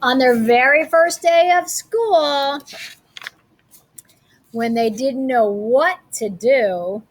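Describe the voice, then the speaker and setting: A woman teacher reading a picture book aloud to children in a playful, expressive way. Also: sits high, extremely slow.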